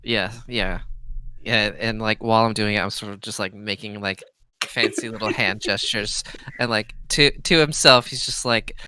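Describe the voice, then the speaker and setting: A man's voice: on the low side, fairly even intonation, moderate pace, sharp tone, clear, resonant tone. A man playing a tabletop game, describing his character in a loose, rambling way. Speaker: player. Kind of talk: casual tabletop role-play.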